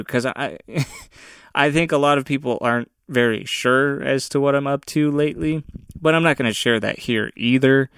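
A young man of Mexican descent ranting casually on his own, profane and often laughing, with loud bursts of emphasis. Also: medium pitch, fairly even intonation, normal speed, clear, resonant tone, dry recording, studio quality. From of Mexican descent, USA. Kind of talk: casual solo rant.

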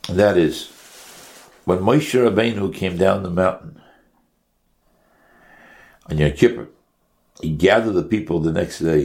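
A man's voice: low voice, a little slow, long pauses, a little mellow. A man teaching a Torah class to his congregation, asking rhetorical questions and mixing in Hebrew and Yiddish terms.

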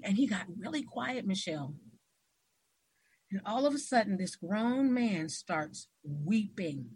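Husky-voiced woman telling animated stories. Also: mid-range voice, normal speed. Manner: animated storyteller, acts out quoted voices. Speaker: host. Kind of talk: casual interview conversation.

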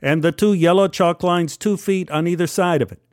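A man's voice: high-pitched, moderate pace, no room sound, studio quality, pitched above the performer's own voice, lightly acted. A man voicing a bored male contest registration worker who explains rules in a matter-of-fact way.

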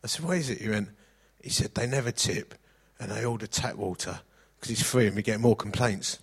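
A man's voice: fairly low pitch, slightly rough. A middle-aged man preaching a sermon, mixing jokey anecdotes with scripture reading.

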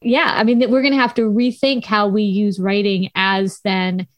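A Southern Californian woman speaks in a medium-pitched voice, frank and teacherly as she pushes back on questions. The sound is dry and close, with no room around it. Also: flat delivery, moderate pace, dry recording. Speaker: podcast co-host, former high school English teacher. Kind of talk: casual chat.

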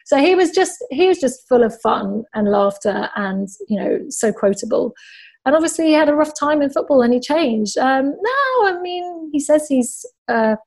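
A woman's voice: high voice, very animated, normal speed, darkish tone. A woman, a football journalist, chatting and telling stories in an interview, with many casual fillers.

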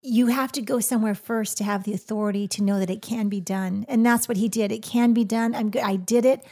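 A woman co-hosting a faith podcast, speaking in a warm, affirming and reflective way. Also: fairly high pitch, steady tone, brisk. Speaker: podcast co-host. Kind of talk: encouraging podcast chat.

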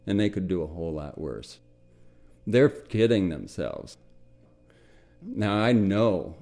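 An older man from the United States telling his own story for a documentary radio piece, slow and reflective, often sinking to a quiet murmur. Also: low-pitched, gravelly.

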